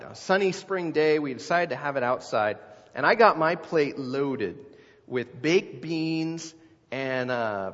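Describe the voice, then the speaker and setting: A man's voice: on the high side, fairly bright tone. A middle-aged man preaching a sermon as a pastor, talking in a conversational way and putting questions to the congregation. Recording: dull sound with long hall reverb.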